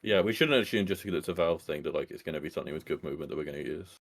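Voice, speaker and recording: A man's voice: extremely low pitch, racing. A man on a game team's livestream, reading out viewer questions and answering earnestly with restarts. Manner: earnest, restarts sentences, reads questions aloud. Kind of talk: casual livestream chat.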